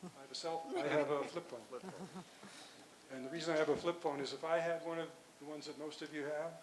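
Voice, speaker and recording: An older man, a physician and author, answering audience questions at a conference in a rambling, halting way with many restarts. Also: fairly high pitch, fairly even intonation, a little hiss or hum, poor audio. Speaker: guest speaker, physician and author.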